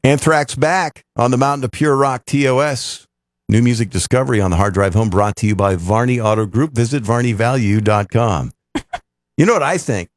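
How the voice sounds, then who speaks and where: A man's voice: mid-range voice, moderate pace, no room sound, clean studio sound. A man hosting a rock radio show, chatting casually and joking with his co-host. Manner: lively, joking banter.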